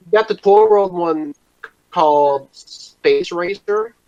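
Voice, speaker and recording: A man chatting on a podcast with a fairly high voice, rambling and joking at his own expense. His sentences wander and trail off. The sound is dry and dull, as if from a cheap home mic. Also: slow pace, a little mellow, no echo. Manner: rambling, self-deprecating, trails off. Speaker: podcast co-host. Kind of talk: casual chat.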